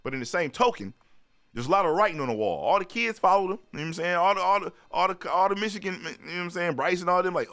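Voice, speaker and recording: Dude talking sports on a live stream, loose and chatty, keeps saying "you know what i'm saying". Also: male voice, high-pitched, lively intonation, fast talker. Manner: reads viewer chat aloud and shouts out viewers. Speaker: sports talk show host.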